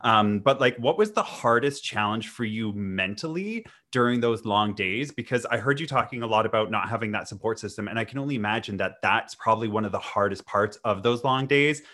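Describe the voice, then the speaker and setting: A man's voice: fairly low pitch, expressive, brisk, hardly any pauses, sharp tone. A man hosting a podcast interview, asking questions in a chatty way with lots of fillers. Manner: chatty, lots of "like" and "you know". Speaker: podcast host.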